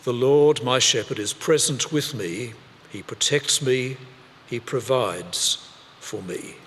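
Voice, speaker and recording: A man delivering a sermon at an unhurried, measured pace, leaning on pauses and repeated phrases. His voice sits at an ordinary pitch and rings with a long church reverb. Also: a bit bright. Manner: slow, deliberate delivery with pauses and repetition. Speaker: preacher.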